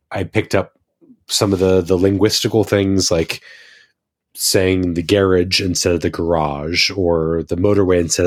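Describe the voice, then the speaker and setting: An American man with a very low, deep voice, chatting casually on a podcast. He tells stories with enthusiasm and tends to ramble. His tone is relaxed and conversational. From United States. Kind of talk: casual chat.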